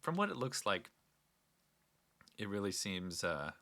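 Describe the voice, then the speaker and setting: A man's voice: fairly low pitch, big pitch swings, unhurried, bright, forceful tone. A young man hosting a casual solo talk, rambling and earnest with frequent restarts. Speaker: podcast host.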